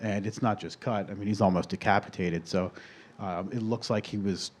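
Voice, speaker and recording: Low-voiced man recounting a case. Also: steady tone. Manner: measured, detailed recounting. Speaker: podcast guest, crime podcaster. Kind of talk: casual storytelling.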